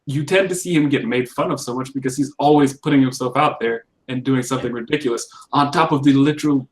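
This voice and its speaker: A man's voice: mid-range voice, fast. A man co-hosting a casual political podcast, talking bluntly with frequent swearing and laughing mid-sentence. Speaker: podcast co-host.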